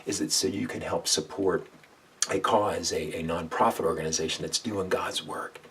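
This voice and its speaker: A man's voice: low voice, fairly even intonation, normal speed, a bit bright. A man giving a short devotional sermon as a pastor, earnest, asking listeners to repeat lines aloud and dropping to a whisper for God's words. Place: home room with a window. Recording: slightly distant mic, faint background noise.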